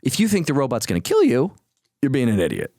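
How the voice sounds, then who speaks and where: A man's voice: medium pitch, huge pitch swings, fast talker, darkish tone, dry recording, clean studio sound. A man hosting a podcast, talking casually and joking, with slang like dude and bro. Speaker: podcast host.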